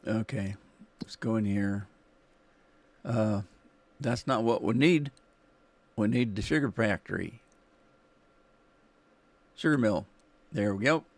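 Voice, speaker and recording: Fairly low in pitch and slow, pausing often, this man's voice comes through with no echo. He's a livestream gamer playing a farming game, talking to his chat, making self-deprecating jokes, and humming as he goes.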